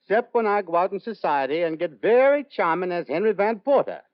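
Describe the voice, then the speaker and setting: Andy: a man voicing a drawling, bossy middle-aged guy for a 1940s radio comedy, lively swooping pitch, dull old broadcast sound. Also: brisk, dry recording. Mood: easygoing.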